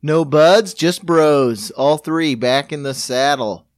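A man co-hosting a podcast, chatting in a relaxed, wry way. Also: a little high, takes it slowly, no room sound, clean studio sound. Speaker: podcast co-host. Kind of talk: casual chat.

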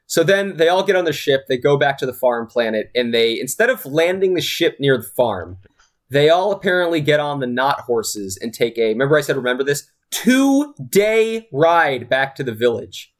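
A man's voice: mid-range voice, big pitch swings, moderate pace. A man giving a rambling, exasperated and profane recap of a movie in casual chat.

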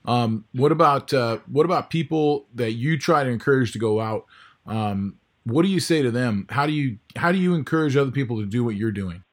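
Relaxed male interviewer. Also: mid-range voice, brisk. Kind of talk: casual interview questions.

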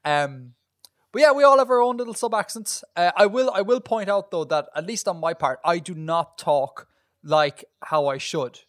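An Irish man co-hosting a podcast, chatting in a lively way, laughing easily and explaining things for listeners. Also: sits high, moderate pace, dry recording, clean studio sound. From northwest of Ireland. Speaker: podcast co-host. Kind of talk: casual chat.

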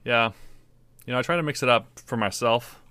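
A man's voice: medium pitch, moderate pace, bright, forceful tone, smooth, dry recording. A young man hosting a casual podcast, trading teasing jokes with his co-host. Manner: jokey, teasing banter.

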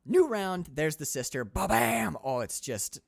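Lively man talking movies. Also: a little high, gravelly, no room sound, studio quality. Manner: animated, acts out movie lines in quick voices. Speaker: podcast co-host. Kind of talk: casual film discussion.

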